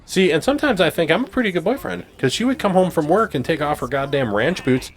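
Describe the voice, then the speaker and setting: A man's voice: a little high, lively intonation, quick pace, soft background music. A man telling a long, rambling personal story in casual chat, with lots of fillers and laughs at himself. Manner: rambling, filler-heavy, laughing at own stories. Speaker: gameplay co-host.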